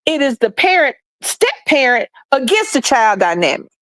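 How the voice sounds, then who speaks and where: A middle-aged woman streamer shares her opinions in a passionate ranting monologue, blunt and heated, full of profanity and repetition for emphasis. Her voice sits high and is very animated, moving at a moderate pace with no echo.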